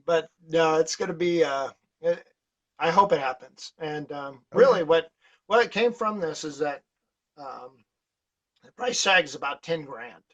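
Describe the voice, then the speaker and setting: A man's voice: fairly high pitch, measured pace. A man talking as a podcast guest in casual conversation, rambling through stories with many fillers and restarts. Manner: animated, laughs while telling stories. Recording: dull lo-fi podcast audio.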